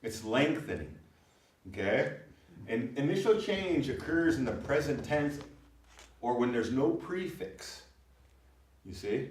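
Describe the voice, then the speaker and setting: A man's voice: mid-range voice, takes it slowly, pauses often. A man teaching a language class, explaining patiently and often checking that his students follow. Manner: lively, explains patiently with frequent checks for understanding. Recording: echoey room, recorded from far off.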